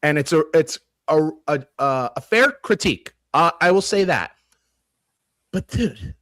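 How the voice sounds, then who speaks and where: A man co-hosting a sports podcast, his high voice swinging widely as he rants. He talks casually and swears. The sound is dry and close. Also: measured pace, no room sound. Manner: animated, ranting, swears casually. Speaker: podcast co-host. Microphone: podcast studio mic.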